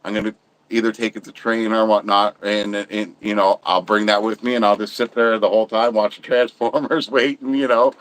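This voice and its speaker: A man's voice: lowish voice, level tone, brisk, a bit bright, rough recording. A middle-aged man hosting a livestream, chatting casually and ranting bluntly about his opinions. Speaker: livestream host.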